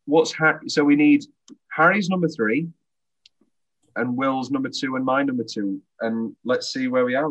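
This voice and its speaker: A man's voice: mid-range voice, fairly bright tone, dull audio. A man hosting a podcast, chatting enthusiastically and laughing often. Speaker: podcast host. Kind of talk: casual chat.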